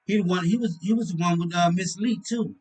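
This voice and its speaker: A man's voice: high voice, brisk, darkish tone. Tired, rambling man talking to camera. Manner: repetitive, drifting, with murmured asides. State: tired, yawning. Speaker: vlogger. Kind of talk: casual rambling monologue to camera.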